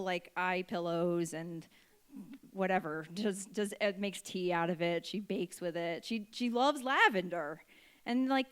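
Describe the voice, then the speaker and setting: Woman comedian, thirties, chatty, filler-heavy, smooth voice, mid pitch. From Vermont. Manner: chatty, self-deprecating, many fillers and laughs. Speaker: stand-up comedian. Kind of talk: stand-up storytelling. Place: comedy stage before a live audience.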